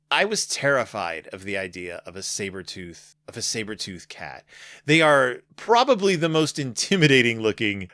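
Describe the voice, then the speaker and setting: A man's voice: mid-range voice, dry recording. A man in his thirties talking casually and enthusiastically about a picture book, rambling and breaking off mid-sentence. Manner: animated, rambling, self-interrupting. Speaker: book reviewer.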